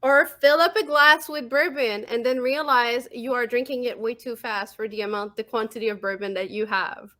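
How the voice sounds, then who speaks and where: Giggly high-voiced woman with French accent. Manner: giggly, animated, quick asides. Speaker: podcast co-host. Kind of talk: casual chat. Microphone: remote call mic.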